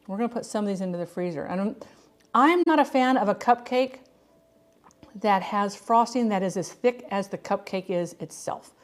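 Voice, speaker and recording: A woman's voice: mid-range voice, expressive, normal speed. A woman hosting a casual cooking livestream from her home kitchen, chatting with viewers by name and often restarting her sentences.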